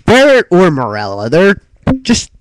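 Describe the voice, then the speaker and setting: Co-hosting a casual wrestling talk show, a man rambles through a recap of a wrestling broadcast, full of fillers and offhand swearing. He has a high voice with huge pitch swings and talks a little slowly; the audio is poor, with no echo.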